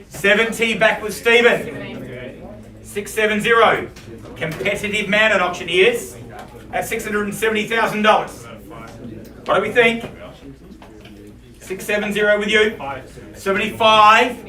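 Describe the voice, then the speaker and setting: Bright, high-voiced auctioneer. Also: male voice. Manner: rapid, playful patter with bidders. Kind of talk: live auction bid calling. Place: auction room. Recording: echoey room from far off.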